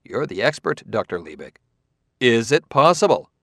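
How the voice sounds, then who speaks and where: A man's voice: medium pitch, very animated, normal speed, a bit bright, dry recording, studio quality. A man reading a pressing, methodical Earthman detective. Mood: insistent. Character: sharp, insistent Earthman detective, male adult. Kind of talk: audiobook character reading.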